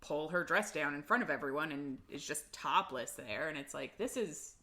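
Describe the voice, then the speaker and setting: Woman podcast co-host, casual book recap, slightly low voice, filler-heavy and blunt. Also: expressive, normal speed, bright, forceful tone. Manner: chatty recap with lots of "like" and swearing. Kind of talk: casual book-club chat.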